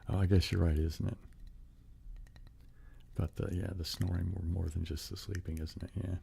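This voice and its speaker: A man hosting a soft-spoken ASMR live stream, chatting casually with viewers and breathing whispered trigger words. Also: deep voice, flat delivery, normal speed, vocal fry, slightly rough. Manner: chatty, answering viewers' comments.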